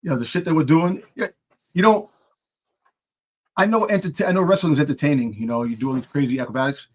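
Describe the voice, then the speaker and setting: A man's voice: on the high side, quick pace. A man co-hosting a live wrestling chat, rambling and hesitant, often searching for words. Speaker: podcast co-host. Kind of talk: casual live-stream chat.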